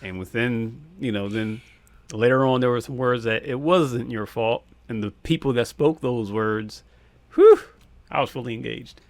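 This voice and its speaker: A man's voice: mid-range voice, moderate pace, no echo. Laid-back man, dry close sound. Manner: relaxed, laughs often, loose casual slang. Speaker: podcast co-host. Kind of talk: casual podcast chat.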